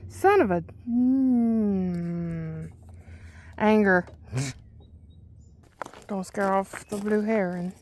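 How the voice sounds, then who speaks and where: A woman's voice: medium pitch, expressive, very slow, pauses often, a little mellow, a little hiss or hum. A woman fishing by a lake, chatting casually and coaxing a heron over like a pet. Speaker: angler and vlog host. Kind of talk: casual chat while fishing. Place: outdoors by a lake.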